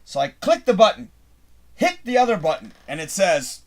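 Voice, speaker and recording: Rambling, animated man host swearing freely. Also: high-pitched, moderate pace. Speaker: live show host. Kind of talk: casual live-stream storytelling.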